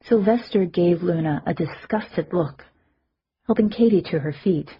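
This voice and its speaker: Husky woman narrating an audiobook. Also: on the low side, unhurried. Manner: calm, even storytelling. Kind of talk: first-person audiobook narration. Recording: slightly muffled audio.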